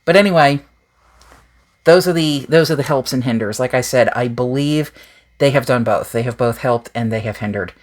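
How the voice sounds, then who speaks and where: A woman's voice: rumbling low, moderate pace. A woman hosting a paranormal channel, chatting casually and candidly with viewers in a rambling, self-deprecating way. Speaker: paranormal YouTube channel host. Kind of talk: casual direct-to-viewer chat.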